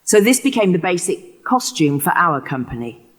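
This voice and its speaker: An English woman with a West Country accent delivering a prepared keynote lecture, expressive and given to acting out quotations. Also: fairly low pitch, moderate pace. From England. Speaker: keynote speaker.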